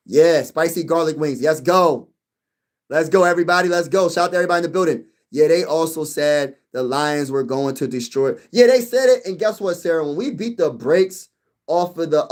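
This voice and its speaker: A young man hosting a casual sports livestream, chatting with viewers in hyped, animated fan banter. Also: on the high side. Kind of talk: casual livestream chat reading comments.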